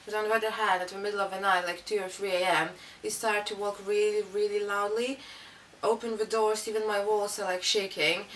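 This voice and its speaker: A woman's voice: medium pitch, flat delivery, fairly quick, a bit bright. A young woman, telling a story in a rambling, casual way with many fillers. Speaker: interviewee. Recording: distant mic, faint room noise.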